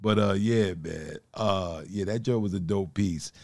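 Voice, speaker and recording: Low gravelly guy hosting a poetry podcast, laid-back slangy chat, laughs a lot, dry close sound. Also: unhurried, darkish tone, no echo. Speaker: podcast host. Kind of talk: casual chat.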